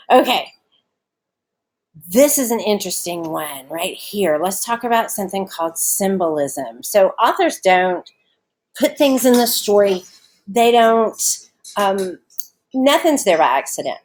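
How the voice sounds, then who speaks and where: A woman with a Southern US accent teaches a literature lesson to students at home. Her voice sits at a middle pitch, and her talk is casual and conversational. She breaks the text down step by step and often stops to ask her listeners questions. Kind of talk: recorded remote lesson on a short story.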